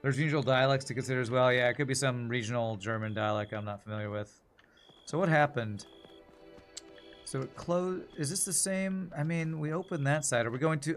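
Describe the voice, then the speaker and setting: A man's voice: mid-range voice, fairly quick, faint music behind. A man streaming a video game, talking casually and musing aloud in a rambling way. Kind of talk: casual gameplay commentary.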